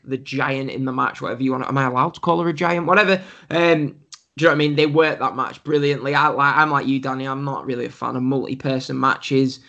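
A man's voice: medium pitch, creaky, a bit bright, muffled recording. A man co-hosting a podcast, talking casually and bluntly, often asking if the listener gets his point. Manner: blunt, opinionated, keeps asking "do you know what I mean". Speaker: podcast co-host. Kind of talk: casual chat.

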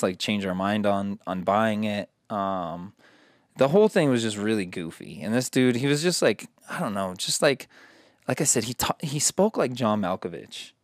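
A man telling a story in a casual, profane, animated way, acting out quotes as he goes. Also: fairly low pitch, dry recording, clean studio sound.

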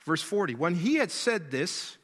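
A man with a high, bright and forceful voice delivers a sermon. He presses his points by repeating key words and asking rhetorical questions, and long reverb from a large hall trails each phrase. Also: sing-song, moderate pace. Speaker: preacher.

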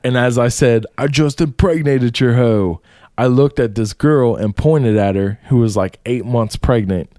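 A man's voice: medium pitch, unhurried, no room sound. Male storyteller, casual, salty language, dry close sound. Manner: profane, animated storytelling with frequent swearing.

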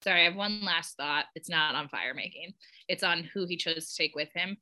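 A woman co-hosting a casual group chat about a reality show, animated and swearing casually as she acts out her reactions, heard over a video call. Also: lowish voice, a little fast. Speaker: podcast co-host.

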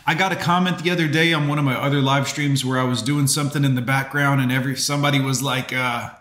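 A man hosting a live stream, chatting quickly and greeting viewers by name. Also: medium pitch, fairly even intonation, fairly bright tone, roomy sound, slight background noise. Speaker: livestream host. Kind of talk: casual live-stream chat.

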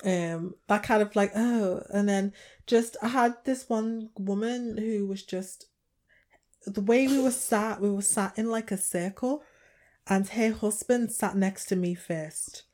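A woman's voice: mid-range voice, a little slow. A young woman with a Liverpool accent, co-hosting a casual chat podcast and telling stories while acting out what others said. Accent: Liverpool English. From England. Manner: animated storytelling, acts out others' lines. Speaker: podcast co-host.

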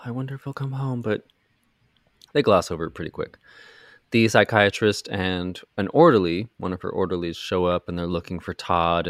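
A low-voiced man hosting a podcast. He recaps a film in loose, animated chat, sarcastic and swearing freely. His voice sounds dry and close. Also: dry recording. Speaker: podcast host. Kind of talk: casual movie recap chat.

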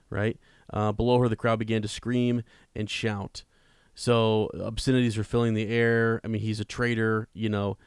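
This podcast co-host has a lowish, clean voice, recorded at studio quality without echo. He talks casually about a book and reads passages aloud, often restarting. His manner is conversational, he repeats words, and his quotes come out plain.

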